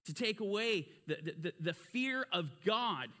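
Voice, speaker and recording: Fervent, bright-voiced man preaching. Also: high voice, expressive, measured pace. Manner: emphatic, rising to fervent emphasis with rhetorical questions. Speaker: Bible teacher. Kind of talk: sermon-style Bible teaching.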